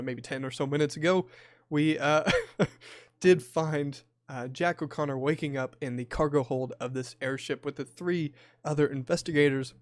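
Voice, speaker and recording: A man's voice: on the high side, no echo, clean studio sound. A man narrating a tabletop horror game as game master, with many hesitant fillers.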